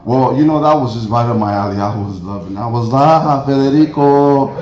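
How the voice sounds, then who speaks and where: A middle-aged man from Mexico tells rambling stand-up stories, chuckling at his own punchlines. His voice sits at an ordinary middle pitch. It carries the echo of a big church hall through a slightly muffled, lo-fi recording. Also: a little fast, crowd noise. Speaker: stand-up comedian. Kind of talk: stand-up comedy set. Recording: roomy, dull lo-fi hall recording.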